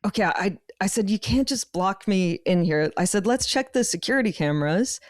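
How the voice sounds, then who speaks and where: A woman co-host telling a story in casual podcast chat, halting and restarting often. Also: mid-range voice, animated, no room sound, studio quality. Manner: halting, many restarts and repeated words.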